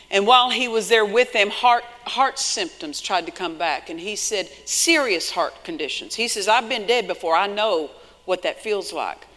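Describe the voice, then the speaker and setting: Preacher guy giving a sermon, punchy and bright, shouting at the big lines, big echoey church hall. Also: sits high. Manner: emphatic, shouting at peaks, retells stories with quoted voices. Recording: long hall reverb.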